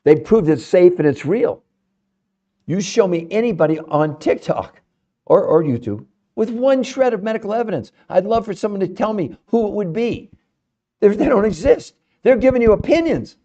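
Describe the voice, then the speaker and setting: A middle-aged man hosting a live stream, speaking fiercely and insistently, sometimes dropping into quiet asides. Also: high voice, expressive, normal speed. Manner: fiery and insistent, often trailing off into quiet asides. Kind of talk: energetic live-stream pitch. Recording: dull lo-fi live-stream audio.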